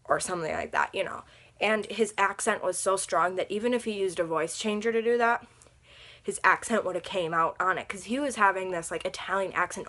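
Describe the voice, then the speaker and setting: Brief: casual vlogger woman, rambling and chatty, bright edge, recorded at home. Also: lowish voice. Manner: rambling, chatty, lots of fillers. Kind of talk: casual storytime vlog. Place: room at home under a lamp.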